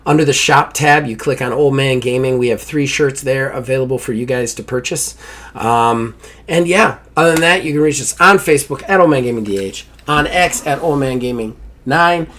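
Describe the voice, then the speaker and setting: A man's voice: medium pitch, moderate pace, fairly bright tone, a little hiss or hum. A man hosting a gaming podcast in casual, upbeat chat, swearing now and then as he runs through plugs. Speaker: podcast host.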